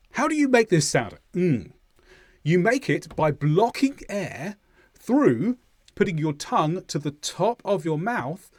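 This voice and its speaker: A man from southern England with a Southern English accent, teaching English pronunciation and exaggerating each sound slowly as he demonstrates it. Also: on the high side, no room sound, clean studio sound. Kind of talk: pronunciation lesson.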